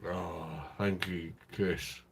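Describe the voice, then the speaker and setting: Tipsy man, low and slow. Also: flat delivery, vocal fry, noisy background. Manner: crude, rambling and affectionate toward viewers. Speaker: live stream host. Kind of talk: drunken casual live-stream chat.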